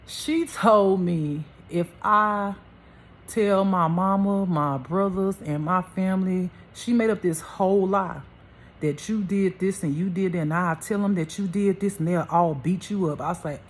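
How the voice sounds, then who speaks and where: A woman's voice: lowish voice, measured pace, slightly rough. A woman talking straight to camera in a heated, preachy monologue, repeating herself and addressing her viewers. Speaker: spiritual life coach vlogger.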